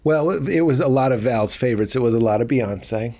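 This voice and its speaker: A man's voice: mid-range voice, a little fast, a little mellow. A man, a guest comedian, chatting and riffing with playful bits on a comedy podcast. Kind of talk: casual comedy podcast chat.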